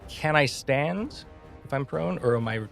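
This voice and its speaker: A man's voice: on the high side, animated, a little slow, vocal fry, a bit bright, soft background music. A man player in a tabletop game, easygoing and joking as he takes his turn. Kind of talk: casual tabletop play.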